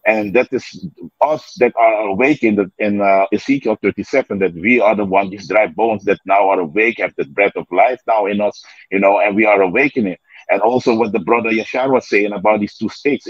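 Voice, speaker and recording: A man's voice: lowish voice, husky, dry recording. A man in a casual religious discussion who preaches, filling his talk with "man" and "you know.". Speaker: participant in a scripture study session. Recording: dull lo-fi audio.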